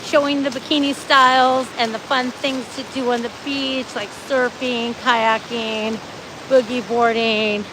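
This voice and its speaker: Upbeat lady vlogging live on a beach walk, higher voice, loud surf noise behind. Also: level tone, unhurried. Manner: chatty, upbeat, addresses viewers directly. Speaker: livestream host. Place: outdoors on a beach. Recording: outdoor phone audio with loud surf noise. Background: surf and wind noise.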